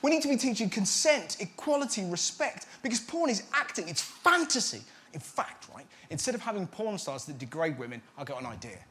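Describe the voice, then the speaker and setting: A man's voice: sits high, big pitch swings, a little fast, few pauses. A man doing a stand-up monologue as host, mocking and slipping into silly voices. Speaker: comedian host. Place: studio with live audience. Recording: loud crowd and noise. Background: audience laughter.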